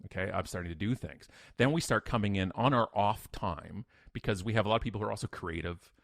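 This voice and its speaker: A man's voice: on the low side, quick pace, gravelly, no echo, studio quality. A middle-aged man, a podcast guest telling a personal story in a blunt, emphatic, self-mocking way. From Canada.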